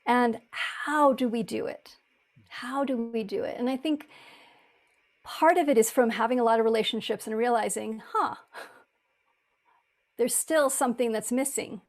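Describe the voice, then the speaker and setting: Woman, spiritual teacher, fairly high voice, earnest, reflective talk with frequent restarts. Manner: earnest, speaks in halting restarts, acts out inner voices.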